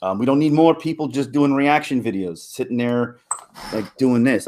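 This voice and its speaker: A man talking casually on a live stream, rambling and halting, with many fillers and restarts, laughing now and then between thoughts. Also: medium pitch, a little mellow. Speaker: YouTuber and impressionist.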